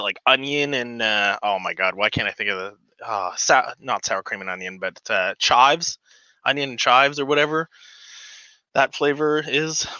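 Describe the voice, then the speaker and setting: A man with a bright, sharp voice rambles through a casual home livestream, filling gaps with "uh" and "um" and getting excitable. The sound is dry and close but a little dull and lo-fi. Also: mid-range voice, smooth, no room sound. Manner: rambling, chatty, lots of fillers; gets excited and giddy. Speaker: livestream host. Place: home model railroad room.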